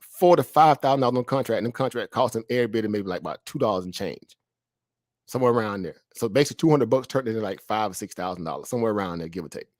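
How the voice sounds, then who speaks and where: Fast-talking man hosting a trading live stream. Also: on the low side, expressive, darkish tone, no echo, studio quality. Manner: conversational, frequent "right?" tag questions, laughs between phrases. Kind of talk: casual live stream commentary.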